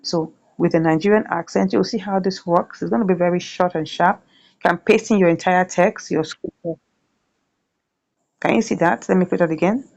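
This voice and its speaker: A woman's voice: fairly low pitch, normal speed, creaky, darkish tone, muffled recording. A woman hosting a chatty screen-share tutorial, often checking in with "right?". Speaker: YouTube tutorial host.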